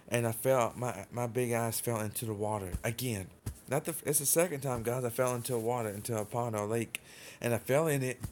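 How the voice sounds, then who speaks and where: A livestream host with a lowish voice tells a long personal story in a loose, rambling way, using informal grammar and plenty of fillers. He keeps addressing viewers as "guys," and there's slight background noise.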